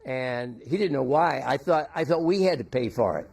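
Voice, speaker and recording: An older man giving a memorial tribute, telling folksy, halting anecdotes about a former teammate. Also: mid-range voice, expressive, vocal fry, darkish tone.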